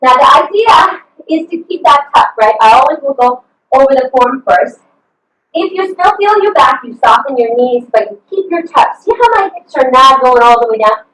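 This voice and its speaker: A woman's voice: high voice, expressive, normal speed, a bit bright. Upbeat woman coach whooping on a call. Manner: upbeat, encouraging, cheers with whoops. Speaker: fitness coach. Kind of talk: live online workout instruction. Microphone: video call. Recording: echoey video call from a distant mic.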